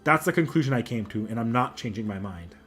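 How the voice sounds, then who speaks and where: A man reading the lines of a determined young game protagonist in his own steady voice. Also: medium pitch, quick pace, soft background music, close to an everyday voice.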